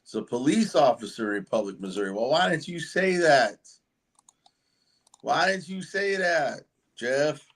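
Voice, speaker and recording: A man's voice: a little high, animated, unhurried, fairly bright tone. A man hosting a casual livestream, chatting loosely and joking with viewers and guests. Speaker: livestream host.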